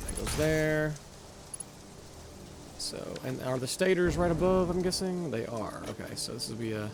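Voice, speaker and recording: A man's voice: medium pitch, gravelly, noisy background. A man casually commentating his own gameplay, rambling, correcting himself and muttering as he plays. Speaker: gaming channel host. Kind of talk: casual let's-play commentary.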